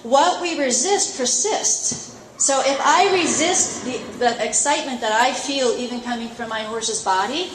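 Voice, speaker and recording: A middle-aged woman coach teaching a live seminar at a horse expo, chatty and lively, acting out her inner thoughts. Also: a little high, a little hiss or hum. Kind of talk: live talk to an audience. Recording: roomy echo, faint ambience.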